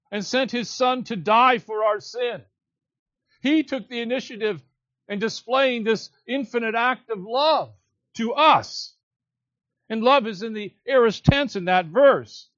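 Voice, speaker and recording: A man preaching an expository sermon, stressing his points with deliberate, emphatic repetition. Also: sits high, a bit bright, no room sound, muffled recording.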